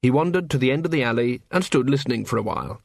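A man narrating a story in a wry, expressive reading. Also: mid-range voice, fast talker, creaky, no echo, clean studio sound. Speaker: audiobook narrator. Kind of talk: scripted narration.

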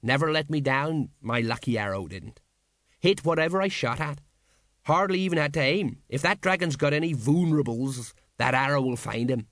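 A man's voice: fairly high pitch, moderate pace, a bit bright, no room sound. A man reading aloud, voicing a boastful, blustering older sergeant who wheezes and grunts with effort.

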